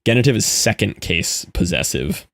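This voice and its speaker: A man's voice: on the low side, sing-song, normal speed, vocal fry, fairly bright tone, dry recording. A young American man chatting casually while gaming, explaining things loosely with lots of "like"s. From United States. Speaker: gaming streamer.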